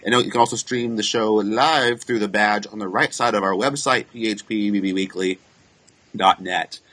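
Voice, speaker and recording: A bright, forward male voice with a slightly husky edge, hosting a casual live podcast. He chats easily and laughs often. He moves through announcements and sponsor reads at a brisk clip. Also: fairly low pitch, fairly even intonation. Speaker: podcast host. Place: San Francisco studio.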